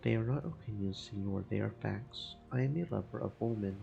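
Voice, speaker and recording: A man's voice: lowish voice, fairly quick, vocal fry, mellow, dull audio. A man voicing a proud, amorous Spanish fishmonger in a theatrical put-on Spanish accent, over game music. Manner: theatrical, lovesick.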